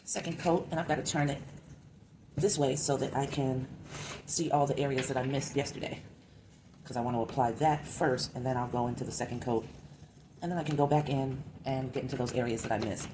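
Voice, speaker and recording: Deep-voiced woman with a slight lisp. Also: fairly quick, noisy background. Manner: relaxed, thinking aloud while working. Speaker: craft vlogger. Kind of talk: casual crafting narration.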